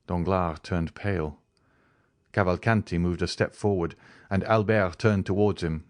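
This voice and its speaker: A man narrating an audiobook in a measured, dramatic reading style. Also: deep voice, fairly even intonation, no room sound, studio quality. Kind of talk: scripted narration.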